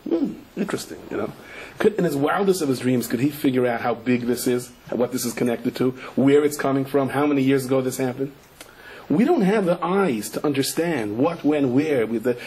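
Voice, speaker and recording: A man teaching a Torah class as a rabbi, telling stories and jokes and swinging up into loud, high-pitched emphasis. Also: low-quality recording.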